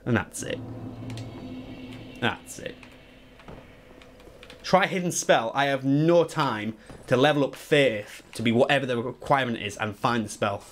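A young man giving live, excitable, sweary commentary on his gameplay while he talks to chat. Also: mid-range voice, unhurried, pauses often, a little hiss or hum. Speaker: speedrunner streamer.

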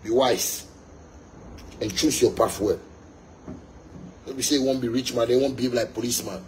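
A man's voice: mid-range voice, fairly even intonation, moderate pace, a little mellow, a little hiss or hum, poor audio. A young Ghanaian man, a musician, delivering a fiery, emphatic monologue to his fans, repeating his points and slipping into pidgin.

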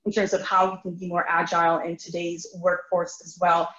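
A woman's voice: fairly low pitch, completely flat delivery, brisk, fairly bright tone, roomy sound, muffled recording. A woman guest on a podcast, answering fluently and in a businesslike way, often opening with "so". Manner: fluent, businesslike, many "so" openers. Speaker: guest, recruiting lead.

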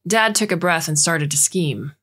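A woman reading a short story aloud in a measured storytelling manner as scripted narration. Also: on the low side, fairly bright tone, breathy edge. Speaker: audiobook reader.

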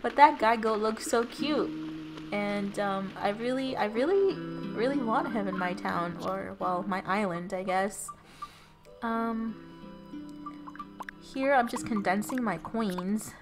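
A woman's voice: medium pitch, unhurried. A young woman giving casual commentary over her gameplay footage, rambling and giggling as she loses her train of thought, at home. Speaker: let's play gamer. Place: at home with her cat on her lap. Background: game music.

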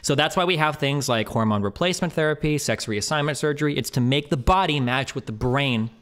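A man's voice: medium pitch, fairly quick, fairly bright tone. A man streamer arguing heatedly, swearing freely and filling his talk with "like". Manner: argumentative, swears freely, full of "like". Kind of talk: heated debate.

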